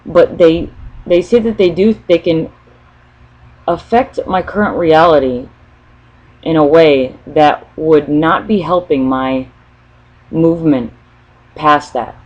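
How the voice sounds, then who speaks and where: A woman talks through a casual vlog monologue, rambling and restarting her sentences as ideas come to her. Her voice is husky and a little breathy. The recording sounds dull and lo-fi. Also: low voice, a little mellow. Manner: rambling, thinking aloud, often restarts mid-sentence. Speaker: spiritual vlogger.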